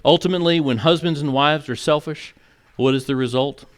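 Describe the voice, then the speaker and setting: A man preaches to his congregation in an earnest, conversational way. He talks plainly and now and then grows emotional. His voice sits a little higher than most men's. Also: a little fast. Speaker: pastor. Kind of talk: sermon. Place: church sanctuary.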